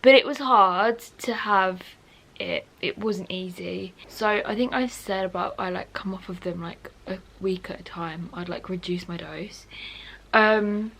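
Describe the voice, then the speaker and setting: A woman's voice: mid-range voice, measured pace, gravelly, fairly bright tone. A young woman vlogging candidly to camera, rambling frankly with lots of fillers and restarts. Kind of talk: candid personal talk to camera.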